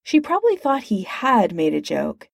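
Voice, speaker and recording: A woman narrating fiction in a measured, expressive audiobook reading. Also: mid-range voice, creaky, dry recording, studio quality.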